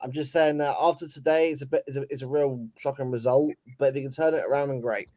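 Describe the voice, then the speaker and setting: A man's voice: mid-range voice, steady tone, quick pace, dark tone, slight background noise. A man on a casual fan stream over a video call. He speaks hesitantly and defensively, stammering as he answers.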